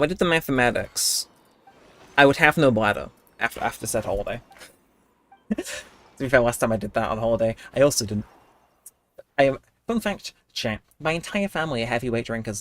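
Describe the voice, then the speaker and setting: A young man who's coming down with a cold livestreams a game, rambling casually to his chat and laughing often. His voice is medium-pitched with a fairly bright tone.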